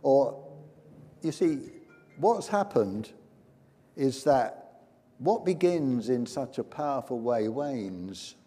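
An older man preaching a sermon in a church, emphatic and building to loud peaks. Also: mid-range voice, lively intonation, takes it slowly, long pauses, faint music behind. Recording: long hall reverb.

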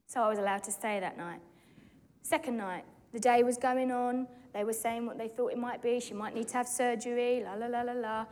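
A British woman in her forties telling a testimony on stage with animated, excitable energy. Her voice sits a little high and rings through a long, echoey hall. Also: fairly quick. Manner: animated, excitable storyteller who acts out quotes. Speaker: speaker giving a testimony. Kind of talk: storytelling testimony to a church gathering.

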